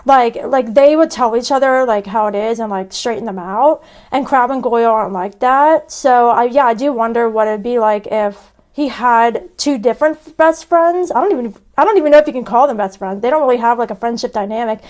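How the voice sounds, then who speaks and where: A woman's voice: a little high, brisk, hardly any pauses, a little mellow. A young woman co-hosting a podcast, rambling casually with lots of fillers. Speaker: podcast co-host. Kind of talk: casual fan discussion.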